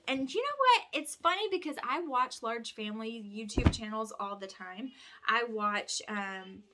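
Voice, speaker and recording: Worn out from too little sleep, an Alabama vlogger who homeschools her kids rambles through a chat with lots of restarts as she folds laundry inside her home. Her mid-range voice sounds pushed and bright.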